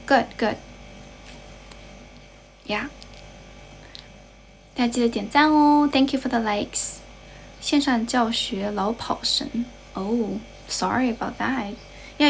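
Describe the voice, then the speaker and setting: A woman's voice: fairly high pitch, gravelly, slight background noise, low-quality recording. A young woman from China with a Chinese accent, chatting casually on a livestream as an English tutor, thanking viewers and patiently explaining with a lot of "right?".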